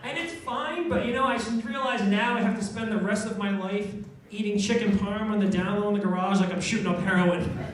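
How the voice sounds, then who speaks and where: A man's voice: high voice, a little fast, noisy background. Man doing stand-up in an echoey pub. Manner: wry, self-deprecating, laughs at own jokes. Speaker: stand-up comedian. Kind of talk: stand-up set. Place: small pub stage. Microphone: far handheld camera. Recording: echoey pub from a far camera.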